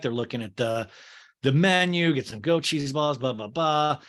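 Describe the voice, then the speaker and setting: A man's voice: medium pitch, measured pace, pushed and bright, clear, resonant tone. A man hosting a podcast, recapping a show in a rambling, jokey way. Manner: rambling, jokey, full of fillers. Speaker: podcast host. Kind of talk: casual comedic recap.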